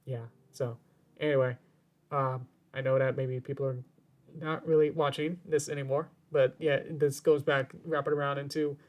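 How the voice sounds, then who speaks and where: A man's voice: mid-range voice, level tone, normal speed. A man game streamer talking casually on his stream, rambling and circling back, often repeating his words as he goes.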